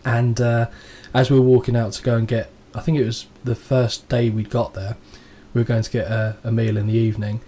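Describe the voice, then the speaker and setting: A man with an English accent, co-hosting a podcast and chatting casually, telling stories with lively asides and quick voices for the people in them. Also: mid-range voice, a little hiss or hum. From England. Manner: animated storyteller, does voices in quotes. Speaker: podcast co-host. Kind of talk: casual chat.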